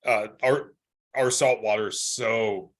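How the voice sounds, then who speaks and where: A man's voice: fairly low pitch, fairly even intonation, takes it slowly. A man guest on a podcast, chatting in a laid-back, joking way with some restarts. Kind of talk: casual podcast chat.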